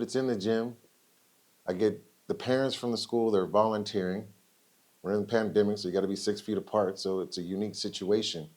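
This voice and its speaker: A man giving a storytelling speech at a roundtable event, acting out quoted dialogue with lively shifts. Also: on the low side. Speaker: speaker at a roundtable.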